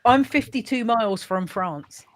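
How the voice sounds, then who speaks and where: Lively woman with a Southern English accent. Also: on the high side, measured pace. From south-east England. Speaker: guest.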